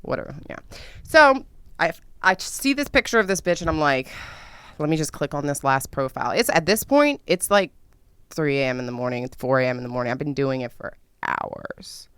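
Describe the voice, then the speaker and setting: A young woman hosting a podcast, telling a personal story in a profane, dramatic, animated way with sudden loud squeals. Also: low voice, brisk, clean tone, no echo. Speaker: podcast host. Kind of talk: casual storytelling monologue.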